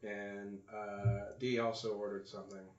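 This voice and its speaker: A man's voice: fairly low pitch, level tone, measured pace. Man, podcast host, rambling storyteller, lots of ums, echoey diner, muffled sound. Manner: rambling storytelling with many fillers. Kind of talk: improvised comedy chat. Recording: roomy, dull recording in a diner.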